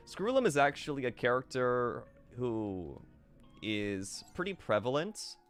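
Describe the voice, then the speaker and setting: A man streaming a game live, thinking aloud and answering chat with many fillers. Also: fairly low pitch.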